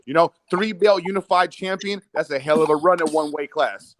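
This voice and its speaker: A man's voice: a little high, fairly quick, fairly bright tone, no room sound. Blunt man talking boxing. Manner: blunt, opinionated, casual swearing. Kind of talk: casual boxing chat.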